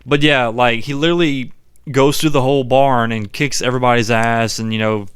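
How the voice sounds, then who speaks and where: Laid-back young man recapping, smooth voice. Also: medium pitch, fairly even intonation, fairly quick, fairly bright tone, no echo, studio quality. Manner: laid-back storytelling, swears, fills with "like". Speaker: podcast co-host. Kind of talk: casual movie recap chat.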